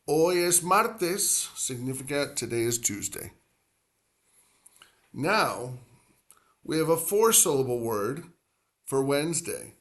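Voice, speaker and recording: A man's voice: medium pitch, animated, slow pace, pauses often. A man teaching Spanish pronunciation, explaining at length with many fillers and drawing out the words he repeats. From grew up near the Atlantic coast. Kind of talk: language lesson.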